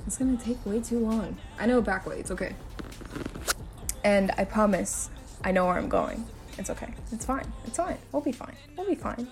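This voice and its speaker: Inside a car with soft background music, a woman plays a girlfriend driving her partner home in a role-play skit. Speaking to the listener at medium pitch and a moderate pace, she swears while insisting she's calm.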